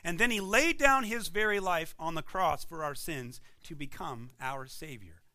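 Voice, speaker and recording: A man preaching a sermon as pastor, building emphatic points and dropping to quiet moments. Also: a little high, moderate pace. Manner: emphatic preaching with rising and falling intensity.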